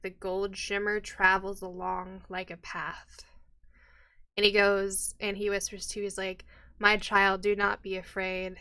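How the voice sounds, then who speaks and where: A woman narrating as game master of a tabletop game, relaxed, with many fillers and frequent laughs. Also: medium pitch.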